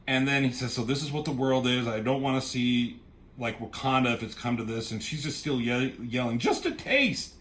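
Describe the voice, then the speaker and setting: A man casually recapping a comic book, swearing freely and popping into quick voices for the characters. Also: mid-range voice, flat delivery, a bit bright. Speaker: comic reviewer.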